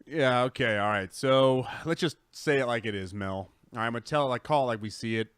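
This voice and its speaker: A man in casual chat on a live gaming show, talking at a middle pitch. He rambles, restarts and circles back on himself with easy enthusiasm. His voice is recorded close and dry. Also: fairly quick, fairly bright tone, clear, resonant tone, dry recording. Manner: rambling, self-correcting, enthusiastic. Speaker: podcast co-host.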